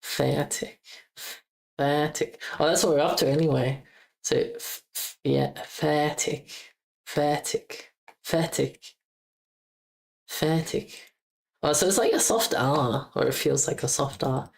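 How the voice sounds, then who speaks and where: Very deep, gravelly-voiced woman streamer. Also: moderate pace. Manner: repeats German words aloud as she practices pronunciation; blurts out casual exclamations and curses. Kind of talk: casual live-stream chat.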